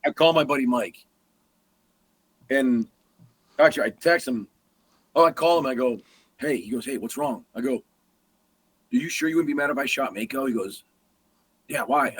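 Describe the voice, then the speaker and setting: A man's voice: medium pitch, slight background noise. A man, a guest hunter, telling a story in a casual way and acting out the sounds and the dialogue. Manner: animated, acts out sounds and quoted dialogue.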